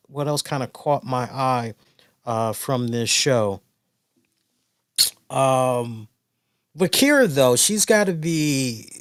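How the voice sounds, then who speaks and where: A man of middle pitch talks through a wrestling show review in a loose, rambling way, circling back and restarting his sentences with plenty of fillers. The sound is dry and close, with no room around it. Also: dry recording. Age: older adult. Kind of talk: casual solo review.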